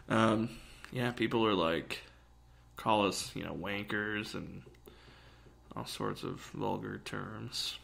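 A young man co-hosting a podcast, talking in a rambling, animated way. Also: fairly low pitch, a little slow, creaky. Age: young adult. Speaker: podcast co-host. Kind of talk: casual chat.

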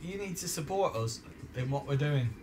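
A man's voice: fairly high pitch, normal speed, loud music behind the voice. A man chatting casually and swearing a lot while playing a game on a live stream. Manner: sweary, excitable, laughs often.

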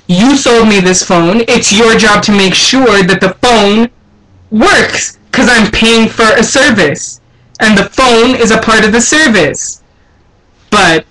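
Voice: mid-range voice, takes it slowly, pushed and bright, rough recording. A young adult vlogger complaining in an indignant, exasperated casual rant. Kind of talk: casual ranting vlog.

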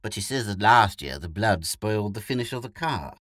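A man with a deep voice voicing a smug, heavy-set male hunter, a former athlete, who speaks in a relaxed, persuasive way in a storybook reading. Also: a little fast, no room sound, clean studio sound. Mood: amused.

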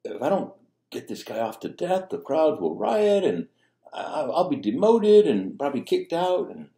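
A man quoting an anxious, ambitious male Roman governor in a worried, rushed inner monologue. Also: a little high, very animated, mellow, reverberant, pitched above the performer's own voice.

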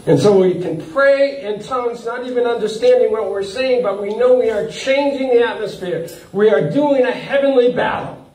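Animated high-voiced pastor in an echoey hall. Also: male voice, normal speed, recorded from a distance. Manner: animated, chuckling often, with frequent uh fillers and repeats. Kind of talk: sermon. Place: church hall.

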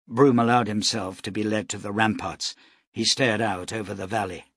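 A man narrating an audiobook in a steady, measured storytelling voice. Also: lowish voice, husky, dry recording, studio quality.

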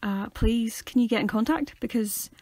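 A woman's voice: on the high side, normal speed, a little mellow, dry recording. A young woman with a Northern Irish accent, co-hosting a podcast in bubbly, laughing casual chat. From Northern Ireland. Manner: bubbly, laughing, mimics voices. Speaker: podcast co-host.

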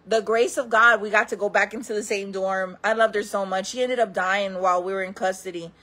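A woman vlogger telling wild stories in casual talk, laughing often, calling her viewers friends and acting out other people in loud voices. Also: mid-range voice, steady tone, fairly quick. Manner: acts out quoted people in loud raised voices.

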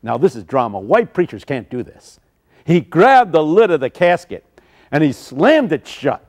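An older man preaching a sermon, telling stories dramatically with sudden shouts. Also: a little high, very animated, normal speed. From United States.

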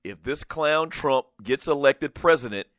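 A man's voice: a little high, animated, a little slow, fairly bright tone. A man hosting a casual talk show, emphatic and repetitive, half joking with laughs between his points. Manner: emphatic, preachy, repeats himself. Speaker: podcast host.

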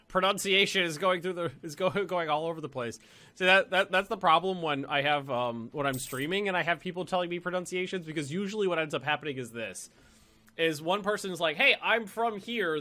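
A man's voice: a little high, expressive, fairly quick, sharp tone. A man casually commenting as he plays a strategy game on stream, chatty and playful, swearing and repeating himself as he thinks. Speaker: let's play streamer.

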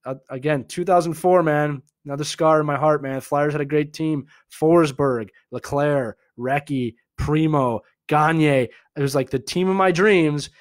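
A man with a Philadelphia accent hosts a live hockey stream, chatty and animated. His voice sits at an ordinary middle pitch. It is recorded close on a dry mic with no room sound. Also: no room sound. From Philadelphia, USA. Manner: animated, chatty, full of filler words and asides. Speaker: host answering viewer questions.

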